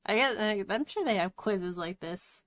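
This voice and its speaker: A woman hosts a loose, casual podcast chat, blunt and deadpan, dropping swear words with ease. Her voice sits in a middle register and sounds dry and close, with no room around it. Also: medium pitch, moderate pace, dry recording. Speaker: podcast host.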